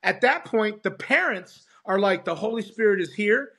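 A man's voice: high voice, normal speed, gravelly. A man, a pastor, telling a testimony as a podcast guest and acting out the voices of the people in it. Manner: animated, acts out quoted voices. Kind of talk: storytelling testimony.

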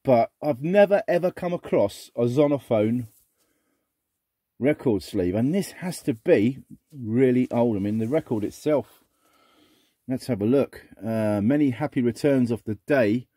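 A middle-aged man chatting casually as he sorts through a box of old records, muttering asides and breaking into excited exclamations. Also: mid-range voice, measured pace, dry recording, clean studio sound. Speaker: record collector vlogger. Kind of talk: casual unboxing chat.

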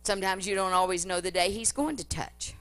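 A woman preaching a fervent revival-style sermon at a church service, building to loud, emphatic declarations. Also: medium pitch, a little fast.

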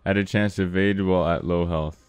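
A young man co-hosting a let's play, making wisecracks and deadpan asides while he plays. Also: deep voice, brisk, clean tone, no echo. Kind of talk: casual gameplay commentary.

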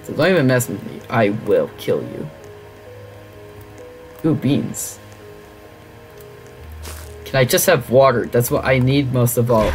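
Game commentary host, middling pitch, lively and theatrical, talks back to the game. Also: a little slow, long pauses, soft background music. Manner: dramatic, over-the-top reactions to the game. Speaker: gaming channel host. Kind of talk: gameplay commentary.

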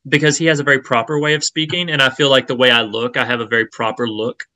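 Bright-voiced American actor guest. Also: male voice, medium pitch, fast. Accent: New Orleans. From New Orleans, USA. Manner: relaxed, hesitant with many ums. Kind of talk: casual interview chat.

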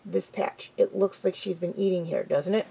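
A woman reading a storybook aloud, voicing a scheming male hunter in a lowered, quiet voice. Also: normal speed, gravelly, slightly rough, full character voice, poor audio. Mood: sly.

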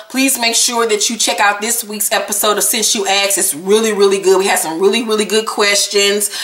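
A woman's voice: medium pitch, a bit bright. A woman recapping a reality show in a casual vlog, brash, sassy and swearing freely. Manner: brash, sassy and profane, with blunt jokes. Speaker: vlogger reviewing reality TV. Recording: echoey room recording.

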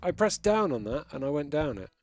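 A man's voice: on the high side, very animated, a little fast, faint music behind. A man giving live, amused commentary while he plays a retro game and reads chat. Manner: chatty, amused, reacting as he plays. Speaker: game streamer.

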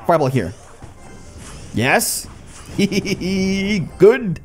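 A young man gives lively live commentary on his gameplay, his slightly high voice swinging widely in pitch. He coaxes his cards, mocks himself and talks straight to his viewers. A faint music track plays behind him. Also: drawn-out words. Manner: excitable, talks to the cards and the viewers, self-mocking. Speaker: gaming YouTuber.

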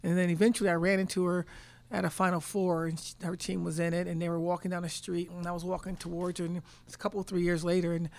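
A woman's voice: on the low side, little pitch movement, quick pace, a little mellow. A woman in her fifties, a head basketball coach answering press conference questions, telling stories emphatically and repeating words as she thinks.

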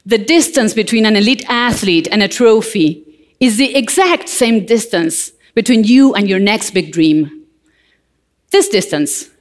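A woman from Argentina, giving a lively motivational talk on stage and addressing the audience directly. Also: fairly high pitch. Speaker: motivational speaker. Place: large hall on stage.

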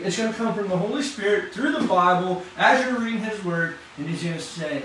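A man giving an impassioned testimony sermon at church, talking fast and casually with slang. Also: sits high, fairly bright tone, slight background noise. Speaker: church class leader. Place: church hall. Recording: very echoey hall, distant mic.

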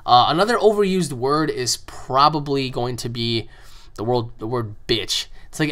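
A man's voice: mid-range voice, very animated, normal speed, a bit bright. A man hosting his own channel, answering fan questions in a rambling, profane monologue full of repeated words. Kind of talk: casual opinionated monologue.

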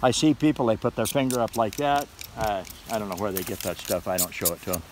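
A man's voice: lowish voice, steady tone, fast, noisy background. A man casually demonstrating and selling a folding credit card knife, rambling in a chatty way and laughing at his own fumbles. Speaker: knife seller demonstrating a product. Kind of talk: casual product demo vlog.

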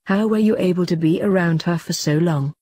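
A woman's voice: fairly low pitch, fairly quick, dark tone, natural voice. A woman reading the lines of a cheeky, sarcastic young witch girl.

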